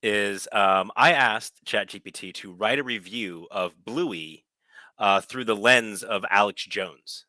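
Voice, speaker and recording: A man's voice: on the low side, takes it slowly, sharp tone, no room sound. A man co-hosting a casual podcast in an easygoing, joking way. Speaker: podcast co-host.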